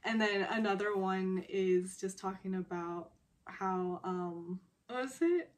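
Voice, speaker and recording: Giggly woman vlogger, mid-pitched, rambling casual recap full of fillers. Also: takes it slowly. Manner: giggly, laughs often while retelling.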